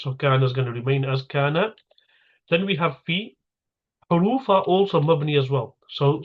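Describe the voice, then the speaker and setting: A man's voice: medium pitch, dull audio. A man teaching an Arabic grammar lesson, explaining patiently step by step and asking and answering his own questions.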